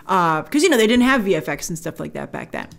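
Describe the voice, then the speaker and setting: A woman with a lowish, creaky voice hosts a casual film trailer breakdown, very animated and fast. She reacts in a chatty, enthusiastic way, with frequent fillers and restarts.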